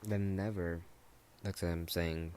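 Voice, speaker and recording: A man's voice: low voice, steady tone, unhurried, noisy background. A man casually narrating his own fan story, rambling and offhand with frequent fillers.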